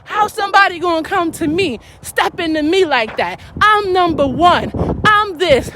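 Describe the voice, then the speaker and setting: A woman voicing an angry young woman ranting loudly to her boyfriend. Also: very high-pitched, expressive, normal speed, background noise. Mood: indignant. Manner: loud, indignant ranting.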